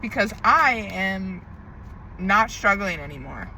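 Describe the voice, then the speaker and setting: A woman's voice: mid-range voice, expressive, slow pace, bright, forceful tone, a little hiss or hum, rough recording. A woman tarot reader in an emotional diary-style monologue, venting with frequent swearing and emphatic repetition.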